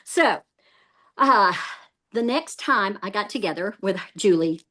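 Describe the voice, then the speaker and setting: A woman's voice: medium pitch, slow. A woman giving a motivational training talk to a group, telling stories and laughing often. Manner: lively storyteller, laughs often. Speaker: sales team trainer.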